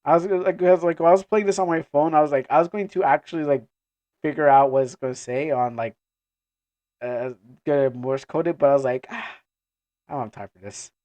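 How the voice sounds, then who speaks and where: A man's voice: a little high, fairly even intonation, fast, darkish tone, dull audio. A man casually chatting between lines while he reads a comic aloud, rambling and often cutting himself off. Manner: rambling, self-interrupting, laughs often. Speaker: comic reader and dubber.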